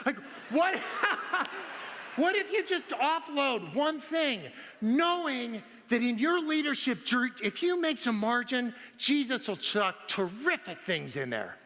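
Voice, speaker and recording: Excitable speaker, man, high voice, keeps cracking himself up; big hall echo. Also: takes it slowly. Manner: laughs often, animated and excitable. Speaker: conference speaker. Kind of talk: storytelling keynote talk. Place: large conference hall.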